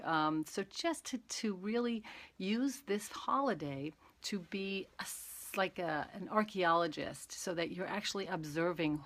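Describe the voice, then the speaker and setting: A woman teaching mindfulness on a live stream, calmly talking listeners through breathing exercises step by step. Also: lowish voice, measured pace. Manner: calm, gentle, talks exercises through step by step. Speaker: meditation and awareness teacher.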